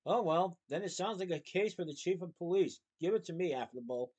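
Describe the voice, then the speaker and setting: A man's voice: high-pitched, animated, brisk, darkish tone, pitched above the performer's own voice. A man voicing a blustering corrupt police chief. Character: corrupt, chocolate-greedy male police chief.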